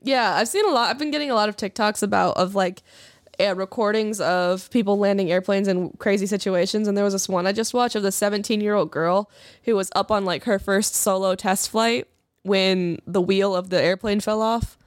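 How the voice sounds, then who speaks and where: A woman's voice: mid-range voice, a little fast, no room sound, studio quality. A young woman co-hosting a podcast, telling stories in a chatty, rambling way with lots of fillers. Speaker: podcast co-host. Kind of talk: casual chat.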